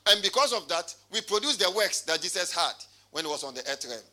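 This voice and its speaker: A man's voice: high-pitched, sing-song, brisk, sharp tone. A male pastor preaching a sermon, calling out to his congregation and reading scripture aloud. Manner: preaching with call-and-response.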